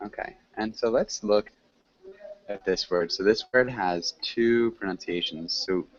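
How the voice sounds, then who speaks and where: Patient man teaching English over a call. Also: on the low side. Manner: patient, encouraging, slow clear corrections. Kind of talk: online ESL class. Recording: muffled lo-fi call audio with faint hiss.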